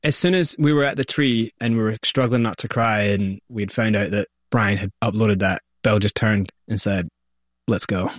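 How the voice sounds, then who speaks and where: A man's voice: lowish voice, moderate pace, hardly any pauses, no room sound, studio quality. A man with a Scottish accent, a guest in an interview, telling his story with energy and acting out what people said. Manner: energetic, vivid storyteller who acts out quotes.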